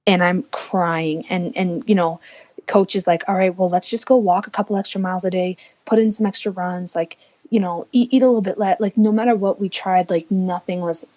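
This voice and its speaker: A woman's voice: fairly low pitch, fairly even intonation, fairly quick, darkish tone, lo-fi sound. A woman in her twenties from the United States, telling her own story earnestly as a podcast guest and voicing her past thoughts aloud. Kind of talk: candid personal storytelling.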